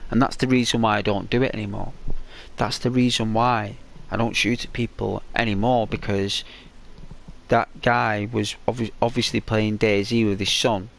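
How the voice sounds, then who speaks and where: A man telling a gaming story in rambling, unhurried commentary with many restarts. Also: fairly low pitch, little pitch movement, gravelly.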